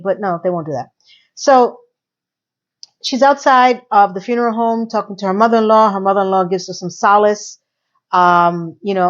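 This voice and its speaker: A woman casually recapping and reviewing a TV episode, animated and sarcastic, swinging between loud and soft. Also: lowish voice, lo-fi sound. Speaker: TV review vlogger.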